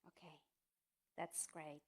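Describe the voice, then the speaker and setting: A woman's voice: deep voice, flat delivery, slow pace, husky. A woman in the audience asking questions, hesitant and full of fillers but eager. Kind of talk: live question-and-answer session.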